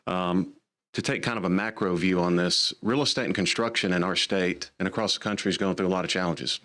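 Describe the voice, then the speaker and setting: A man speaks as an association representative in formal testimony. His voice sits very low, and he talks in a measured way, often pausing with "uh" between phrases. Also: a bit bright. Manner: measured, with frequent "uh" pauses.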